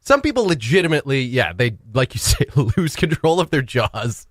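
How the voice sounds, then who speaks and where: Lively-voiced man bantering on radio. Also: medium pitch, moderate pace, no room sound, studio quality. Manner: lively, laughs easily, argues good-naturedly. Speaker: radio co-host. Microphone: studio microphone.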